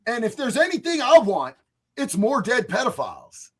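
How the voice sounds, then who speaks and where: A male streamer tells crude stories in a profane, boisterous way. His voice runs high for a man and leaps all over the place, jumping from loud bursts down to low mutters. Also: huge pitch swings, normal speed, husky. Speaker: streamer host. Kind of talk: crude comedic storytelling on a livestream.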